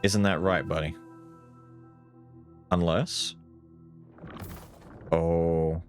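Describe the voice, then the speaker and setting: A man giving casual, animated let's-play commentary, thinking aloud and swearing casually. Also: lowish voice, moderate pace, faint music behind. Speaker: gaming YouTuber.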